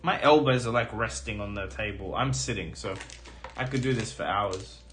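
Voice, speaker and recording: A man streaming live as he opens trading card packs, talking casually with lots of fillers and getting excited about his pulls, his voice a little hoarse. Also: on the low side, normal speed. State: slightly hoarse. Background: music.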